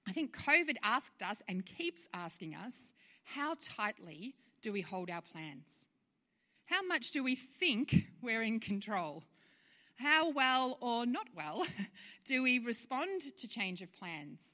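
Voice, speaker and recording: A woman's voice: a little high, big pitch swings, slow, sharp tone, in a large hall. A woman pastor giving a conversational sermon full of rhetorical questions.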